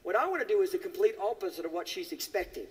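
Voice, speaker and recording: A man's voice: high voice, lively intonation, fast talker, in a large hall. A man giving a live horse-training demonstration, asking his listeners questions and tagging lines with "okay?". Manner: asks the audience questions, keeps saying okay. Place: horse arena.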